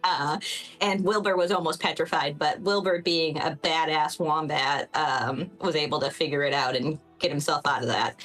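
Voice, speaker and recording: A woman's voice: deep voice, steady tone, moderate pace, fairly bright tone, soft background music, low-quality recording. A woman giving a chatty, laughing recap of a tabletop game session, with many fillers.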